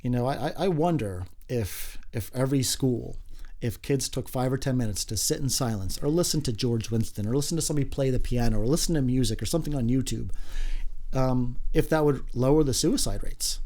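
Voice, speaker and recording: A middle-aged gym teacher chats casually on a podcast, fairly quick, upbeat and emphatic, his voice often rising high when he gets excited.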